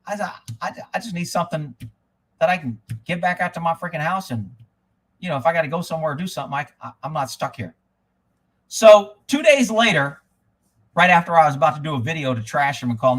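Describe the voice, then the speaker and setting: Casting: middle-aged man, high-pitched voice, loud, blunt type A ranter, swears constantly. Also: very animated, brisk, slightly rough. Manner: loud, profane, type A storyteller. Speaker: host of a live stream. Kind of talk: casual ranting monologue.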